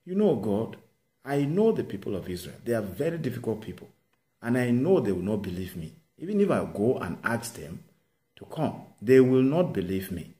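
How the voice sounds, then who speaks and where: A man's voice: medium pitch, sing-song, moderate pace, dark tone, close to an everyday voice. A man preaching, voicing Moses as a self-doubting man who stammers and protests that he is not fit for the task. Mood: pleading. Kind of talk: sermon with acted quotes.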